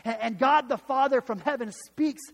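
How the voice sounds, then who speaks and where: High-voiced man preaching in an echoing hall. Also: moderate pace, vocal fry. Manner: emphatic, retelling scripture in dramatic voices with many restarts. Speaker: pastor. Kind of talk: sermon.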